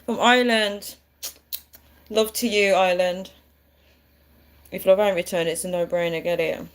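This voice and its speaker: A woman's voice: mid-range voice, steady tone, normal speed. A woman hosting a live stream, chatting with viewers in a chatty and encouraging way. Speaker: livestream host.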